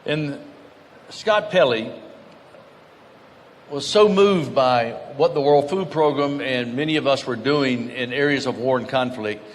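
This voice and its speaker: A man giving an earnest conference speech, telling stories and dropping to soft, grave tones. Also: medium pitch, unhurried. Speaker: guest speaker. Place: conference hall. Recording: reverberant hall, faint background noise.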